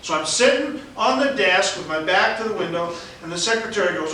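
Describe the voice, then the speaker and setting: A man telling his testimony as an evangelist, in an animated storytelling way, laughing often and acting out other people's lines. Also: high-pitched, brisk, slight background noise. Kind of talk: storytelling conversation. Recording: very echoey room, mic at a distance.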